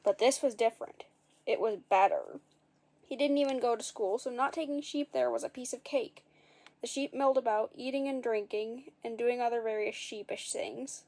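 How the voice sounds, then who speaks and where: A woman's voice: a little high, moderate pace, darkish tone. A woman reading a storybook aloud in a casual way, adding wry, dry asides and fixing her own slips as she goes. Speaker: narrator.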